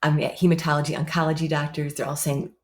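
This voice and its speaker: A woman in her fifties, a podcast guest, telling a personal story in an animated way, repeating phrases for emphasis and acting out other people's lines. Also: low-pitched, quick pace. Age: 50s.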